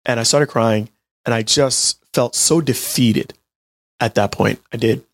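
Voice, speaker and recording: A man in his late twenties telling a personal story in an animated, chatty way, talking straight to his listeners. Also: medium pitch, unhurried. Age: 20s. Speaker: healthcare business owner. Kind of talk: storytelling monologue to an audience.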